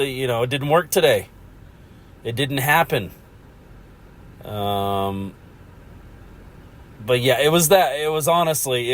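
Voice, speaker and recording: A man hosting a casual solo podcast, rambling about hockey and laughing at himself. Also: mid-range voice. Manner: rambling, chuckles often, self-mocking. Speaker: podcast host.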